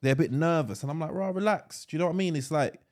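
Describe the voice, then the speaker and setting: A man's voice: fairly high pitch, rapid-fire, a little mellow. A man co-hosting a podcast in casual chat, rambling and restarting his sentences, with a lot of slang. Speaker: podcast co-host.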